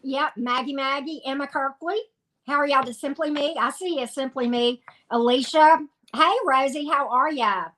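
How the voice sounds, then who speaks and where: Southern lady hosting a live stream, high bright voice, chatty, says hi to everyone. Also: normal speed, slight background noise. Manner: greets viewers by name, upbeat and chatty. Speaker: tarot reader host.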